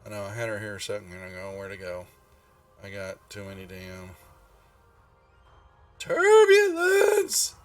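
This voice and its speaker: A man's voice: low voice, little pitch movement, a bit bright. A man running a tabletop game, rambling as he searches his notes. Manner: slow, rambling, searching aloud through notes. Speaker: game master. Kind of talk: narrating a tabletop game on a live stream. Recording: distant mic, faint music behind.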